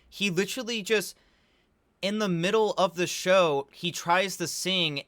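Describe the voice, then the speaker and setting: A young man with a bright, forceful voice recaps a movie in a loose, rambling rant. He swears often and leans on filler words. The sound is close and dry, with no room around it. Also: medium pitch, dry recording. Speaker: video creator reviewing a movie.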